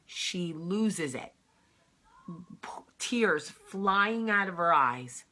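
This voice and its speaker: Low, husky woman vlogger, sick and earnest, storytelling to camera. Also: lively intonation, very slow, bright, forceful tone. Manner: earnest, heartfelt retelling. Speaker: vlog host.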